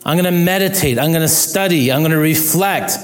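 A man's voice: on the high side, fairly quick. A middle-aged male pastor preaching a sermon in an earnest, conversational way, with self-deprecating humor.

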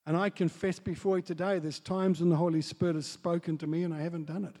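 High-voiced man preaching in an echoing hall. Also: fast. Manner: swings from soft asides to loud excited storytelling. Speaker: pastor. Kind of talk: sermon. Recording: long hall reverb.

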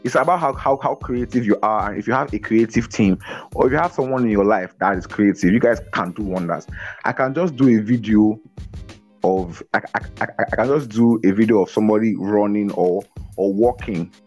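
Energetic man talking on a call. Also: fairly low pitch, a little fast, husky, soft background music. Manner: energetic, repeats words, laughs often. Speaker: guest on a business podcast. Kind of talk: casual interview talk. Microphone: video call.

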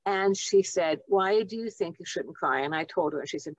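A woman's voice: on the low side, moderate pace, no room sound, lo-fi sound. Older woman telling heartfelt stories. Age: 70s. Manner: heartfelt, reflective storytelling. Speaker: guest, nurse and author. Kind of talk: storytelling interview.

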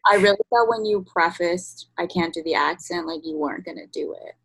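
A woman's voice: lowish voice, a little fast, gravelly, slightly rough, poor audio. Chatty young woman podcast co-host. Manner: chatty, lots of ums and likes. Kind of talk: casual chat.

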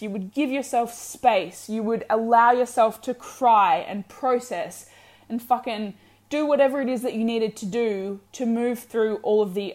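A woman's voice: fairly high pitch, a little mellow. A young adult woman vlogging candid breakup advice, frank and encouraging, swearing freely. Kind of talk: candid direct-to-camera advice.

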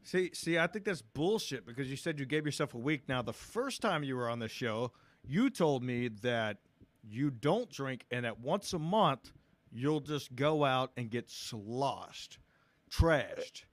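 A man's voice: mid-range voice, lively intonation, measured pace, dry recording. A man hosting a podcast, teasing his guest in casual, profane banter over a video call. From Texas. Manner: teasing, swearing, laughs often. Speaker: podcast host.

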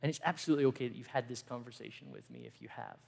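A man's voice: medium pitch, huge pitch swings, racing, gravelly, husky. Earnest male pastor preaching in a reverberant hall. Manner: earnest, dynamic preaching that swings from emphatic to hushed. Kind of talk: sermon. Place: church hall.

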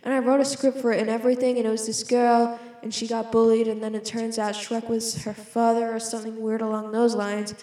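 A woman's voice: on the high side, flat delivery, brisk, mellow. A young Australian woman rambling casually to camera, giggly and scattered, cutting herself off mid-sentence. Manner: giggly, scattered, self-interrupting. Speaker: vlogger. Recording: echoey room with long reverb.

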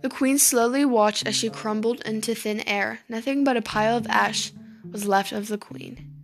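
A woman reads a dark fairy tale aloud with dramatic storytelling. Her voice sits fairly high. Light music plays underneath. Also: steady tone, normal speed, gravelly.

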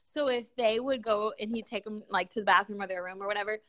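A young woman chatting casually as a co-host, telling lively family stories and slipping in Spanish words. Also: mid-range voice, fast, no echo. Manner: animated storyteller, mixing in Spanish words. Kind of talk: casual chat.

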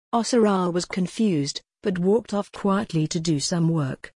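A woman reading a children's adventure story aloud in a calm, even storytelling manner. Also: lowish voice, a little slow, hardly any pauses, husky, no room sound, studio quality. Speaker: audiobook narrator. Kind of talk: scripted storybook narration.

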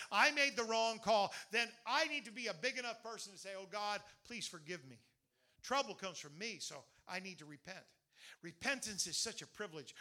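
Bright, high-voiced preaching pastor man. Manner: animated storytelling preacher, leads call-and-response. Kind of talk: sermon.

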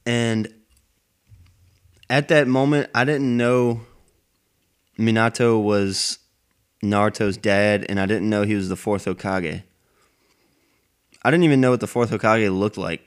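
A man's voice: fairly low pitch, fairly even intonation, measured pace, long pauses, smooth. A man rambling in a casual monologue, cursing heavily as he goes. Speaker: anime fan vlogger.

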